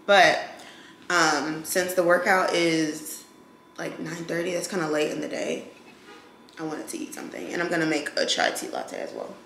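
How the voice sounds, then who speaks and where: This young vlogger's voice sits low but sounds fairly bright, with vocal fry and lively intonation at a normal pace. She calls her viewers "y'all," and the echoey kitchen recording has a little hiss or hum.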